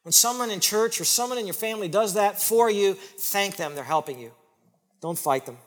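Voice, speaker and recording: Speaking in a large hall, a high-pitched male pastor preaches emphatically at a normal speed with lively intonation. He repeats phrases for emphasis and shifts between loud and hushed delivery.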